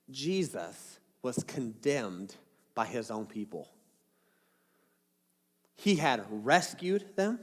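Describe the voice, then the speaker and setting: A man's voice: a little high, big-room sound. A man preaching a sermon as pastor, casual and joking, with dramatic retellings.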